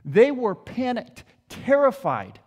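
A man preaching a sermon, telling the story with expressive delivery. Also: extremely high pitch, slow pace.

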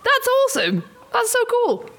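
A woman's voice: extremely high pitch, huge pitch swings, moderate pace, a bit bright. A woman hosting a podcast, bubbly and enthusiastic, laughing a lot. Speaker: podcast host. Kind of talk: casual chat.

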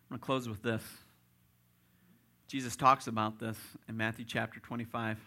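Bright-voiced pastor preaching emphatically. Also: male voice, mid-range voice, flat delivery, normal speed. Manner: rising to loud emphatic peaks; direct, addresses congregation as folks. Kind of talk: sermon.

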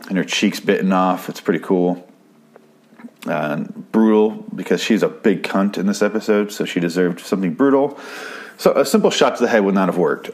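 A podcast host recaps a TV episode casually and profanely, rambling along and often halting and restarting his sentences. His voice sits low with a darkish tone.

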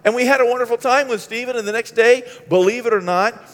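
A middle-aged man from Maine preaching in a conversational, animated storytelling style, acting out the dialogue as he goes. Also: very high-pitched, fast, long reverb tail. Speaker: pastor. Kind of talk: storytelling sermon.

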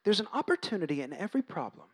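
High-voiced preacher, chatty and animated. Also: male voice, very fast, breathy edge. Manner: conversational, animated, acts out quoted voices. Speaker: pastor. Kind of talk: sermon.

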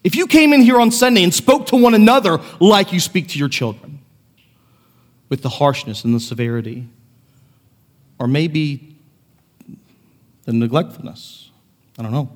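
A male pastor delivers an earnest sermon, his fairly high voice rising and falling in wide swings between soft reflection and raised passion. The sanctuary lends a long, lingering reverb. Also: animated, normal speed, pauses often. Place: church sanctuary.

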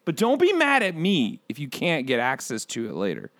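A man playing a brash, excitable bird who hosts a comedy podcast, rambling through profane, pun-filled stories. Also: mid-range voice, normal speed, no echo. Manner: rambling, profane, punning, riffs on asides. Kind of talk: comedic character monologue.

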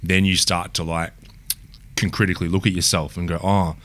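Australian male co-host, very deep voice, articulate and clear, laid-back chat. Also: flat delivery, fairly quick, fairly bright tone. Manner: clear, well-spoken delivery. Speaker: podcast co-host. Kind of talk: casual chat.

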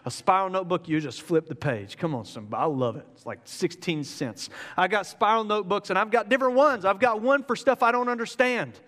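A man preaching a sermon in an energetic, joking, conversational way. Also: high voice, a little fast, few pauses, long reverb tail. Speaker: pastor.

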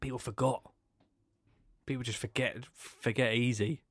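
A man hosting a podcast in a rambling, chatty way, swinging between loud bursts and hushed asides. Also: mid-range voice, fairly even intonation, moderate pace, breathy edge, dry recording, clean studio sound. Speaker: podcast host. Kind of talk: casual chat.

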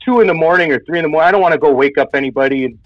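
A man with a slightly high voice tells a personal ghost story quickly and casually, rambling and packing it with filler words. The recording is dry, dull and lo-fi, with faint music underneath.

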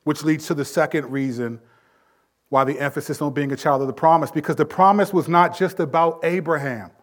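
A pastor preaches a sermon at a fairly quick clip. He builds emphasis with sudden swells in volume, then drops low to drive a point home.

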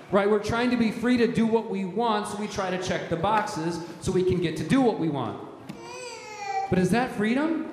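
A man's voice: sits high, animated, a little fast, noisy background. A man preaching a sermon as pastor, emphatic and repetitive, often restarting his words. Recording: echoey hall, strong reverb.

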